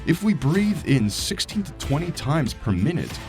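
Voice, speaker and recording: A man reading a scripted product review as a hired voice actor, in a lively, expressive way. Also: on the high side, moderate pace, over music. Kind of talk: scripted narration.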